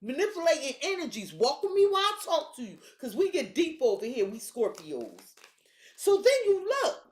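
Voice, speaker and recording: A woman's voice: sits high, big pitch swings, normal speed, reverberant. A woman giving a casual tarot reading in a hyped-up, blunt and profane manner. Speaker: tarot reader.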